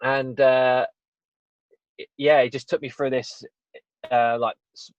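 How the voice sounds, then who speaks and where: The English podcast guest goes slowly here, his medium-pitched voice staying level as he rambles earnestly through a story from his life in a casual interview. He keeps saying "you know" and "right?", and the dry recording sounds dull.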